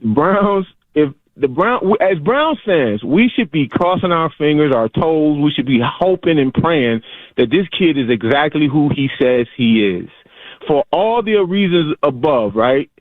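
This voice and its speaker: A man's voice: a little high, lively intonation, a little slow, no room sound. A man calling into a sports radio show, giving an earnest, preachy fan rant. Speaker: caller. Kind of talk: sports talk radio call. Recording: tinny phone line.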